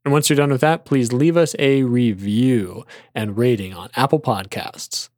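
A man's voice: mid-range voice, moderate pace, darkish tone, no echo. Wry man podcaster, dry mic. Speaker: podcast co-host. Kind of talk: casual chat and read promo.

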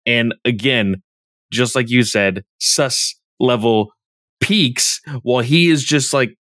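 A man with an average-pitched voice, heard close up in a dry, dead-sounding recording. He co-hosts a podcast and goes over a comic chapter in easygoing chat, padding his talk with fillers. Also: slow, no echo. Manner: relaxed, with filler words and hedges like "kind of" and "or whatever". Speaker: podcast co-host. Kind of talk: casual chat recapping a manga chapter.

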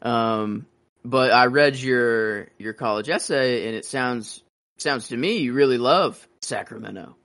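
A man's voice: medium pitch, unhurried, fairly bright tone. Rambling male podcast co-host. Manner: rambling, acts out scenes in character voices. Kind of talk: casual movie discussion.

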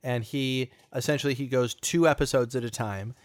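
In clean studio sound with no room echo, a man co-hosting a podcast chats casually, often restarting and filling gaps. He speaks at normal speed with a medium pitch and a steady tone.

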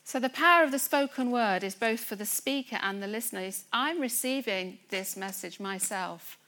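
A woman preaching to her congregation with a slightly high voice. She speaks earnestly and swells into excited, fervent emphasis as she urges her listeners on. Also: moderate pace. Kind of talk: sermon. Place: church gathering room.

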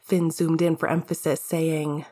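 A woman's voice: low-pitched, flat delivery, a little slow, warm tone, slightly rough. A woman narrating a fan fiction story in a wry, casual way, swearing freely. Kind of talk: fan fiction audiobook reading.

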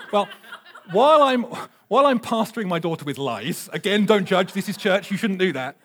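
A man, preaching a sermon with animated, humorous storytelling. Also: high voice, fast. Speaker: pastor.

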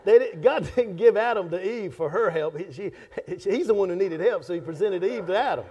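A man preaching a sermon as pastor, emphatic and conversational, swinging between loud and soft, joking with his congregation. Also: high-pitched, lively intonation, brisk, breathy edge, muffled recording. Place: church sanctuary.

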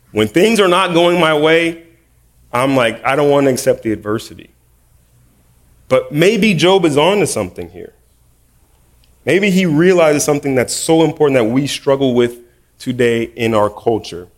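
A preacher who is also a middle school teacher gives a casual, conversational sermon full of humorous, self-deprecating stories. His voice is fairly high and animated, and he speaks a little slowly.

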